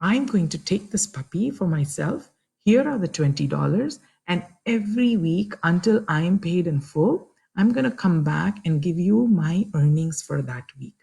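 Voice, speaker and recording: A woman's voice: lowish voice, animated, measured pace, creaky, mellow, breathy edge, heavily acted. A woman voicing an earnest eight-year-old boy in a told story, pleading and determined.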